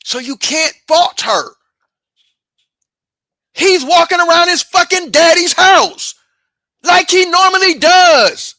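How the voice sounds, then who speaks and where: Woman, host, high bright voice, blunt profane reaction commentary, dry sound. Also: slow, long pauses, no echo. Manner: blunt, profane, repeats her points.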